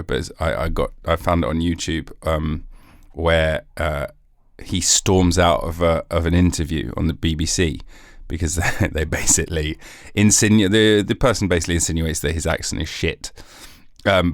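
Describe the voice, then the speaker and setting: A man's voice: low voice, dry recording, clean studio sound. A male podcast host chatting casually, rambling with laughs and swearing. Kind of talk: casual comic chat.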